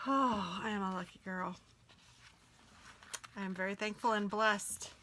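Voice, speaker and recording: Woman host, excitable and gushing, some breathy whispers, mid-range voice, faint background hum. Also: mid-range voice, a little slow. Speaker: planner sticker vlogger. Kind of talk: casual unboxing chat.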